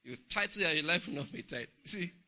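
Bright-voiced Nigerian preacher man. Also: fairly high pitch, fairly quick. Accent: Nigerian English. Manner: humorous, laughing, animated storytelling. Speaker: pastor. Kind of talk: sermon. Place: church Bible study.

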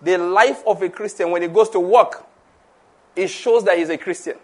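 Guy preaching to his church, kinda high voice, laughs a lot, keeps checking in with the crowd. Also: normal speed, a little mellow. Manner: laughs often, repeats and restarts, asks the audience questions. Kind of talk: conversational sermon.

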